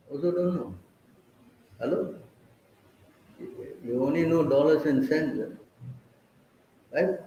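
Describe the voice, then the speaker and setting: A man's voice: on the high side, slow pace, long pauses, darkish tone, very echoey, far from the mic, highs cut off. A man giving a scripture class, firing questions at his listeners and teasing them when they don't answer. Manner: quizzes and teases listeners. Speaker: preacher.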